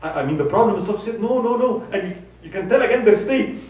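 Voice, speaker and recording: A man giving a sermon, telling a story with lively acted quotes. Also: sits high, quick pace. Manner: animated storyteller, voices quoted speech, laughs. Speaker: khutbah speaker. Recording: echoey hall from far off.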